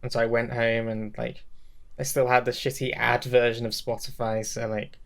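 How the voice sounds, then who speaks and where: Gravelly-voiced young man rambling enthusiastically. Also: mid-range voice, little pitch movement, moderate pace. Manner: rambling, enthusiastic, self-mocking. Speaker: podcast co-host. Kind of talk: casual podcast chat.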